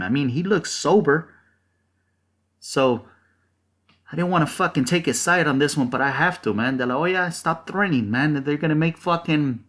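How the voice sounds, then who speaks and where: A man's voice: mid-range voice, fairly bright tone. A man hosting a boxing channel, ranting bluntly and profanely in a casual, rambling way full of fillers.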